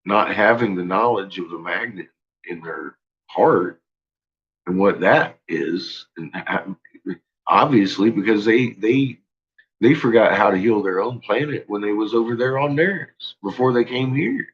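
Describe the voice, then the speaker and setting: A man's voice: fairly low pitch, unhurried, highs cut off. A man rambling through a profane, laugh-filled solo monologue. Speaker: channel host.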